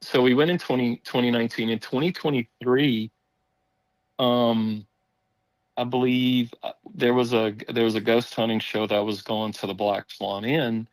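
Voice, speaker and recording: A man telling a story on a podcast in casual chat, rambling and animated, acting out the voices of people he quotes. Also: medium pitch, moderate pace, dry recording, poor audio.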